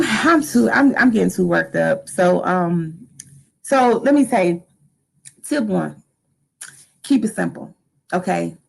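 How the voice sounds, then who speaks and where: A middle-aged woman hosting a live motivational talk, lively and animated, acting out excited quotes. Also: on the low side, normal speed, vocal fry, slightly rough, low-quality recording. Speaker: motivational live-stream host.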